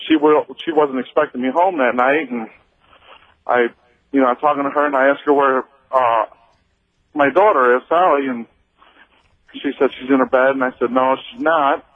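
A man from Missouri calling in to a radio show, telling a personal story in a halting way, with many fillers and restarts. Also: mid-range voice, no echo. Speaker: radio caller. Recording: tinny phone line.

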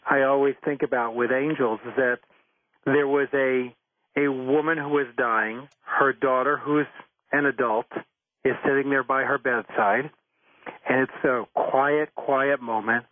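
A man being interviewed about his book, telling stories in a gentle, reflective way. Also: mid-range voice, steady tone, measured pace, dry recording. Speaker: author and interviewee. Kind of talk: interview storytelling. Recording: tinny phone line, dry.

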